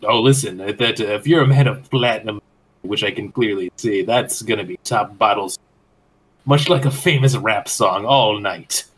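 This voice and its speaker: A man voicing a smooth-talking, money-hungry male bartender with flowery, over-polite phrasing. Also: on the low side, moderate pace, a bit bright. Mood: flattering.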